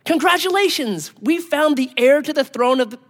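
A preacher briefly doing a high, formal British official, crisp and cheerfully polite, sliding brightly up and down. The voice rings out in a large echoing hall. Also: male voice, lively intonation, normal speed. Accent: British (put on). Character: posh British palace official, male, polite.

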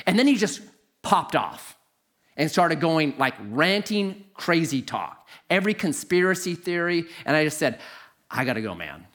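Middle-aged man, high voice, very lively intonation, animated storytelling, exaggerated disbelief. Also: unhurried.

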